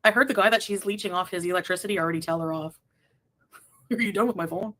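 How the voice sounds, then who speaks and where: Woman stream guest, loose rambling storyteller, average pitch, easygoing chat. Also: fast, a bit bright. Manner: rambling, reads chat aloud, laughs often. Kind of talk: casual chat.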